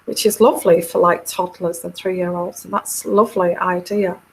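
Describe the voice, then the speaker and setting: A woman's voice: lowish voice, steady tone, normal speed, hardly any pauses, poor audio. A woman hosting a tarot channel chats on a live stream. She reads out viewer comments and rambles earnestly, with many fillers and restarts. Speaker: tarot reader and channel host.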